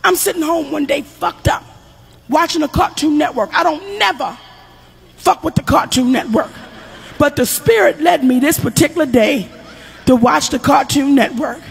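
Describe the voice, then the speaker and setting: A middle-aged woman comedian telling a long, loud, profane stand-up story, acting out the people she quotes. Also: high-pitched, normal speed, gravelly, faint music behind.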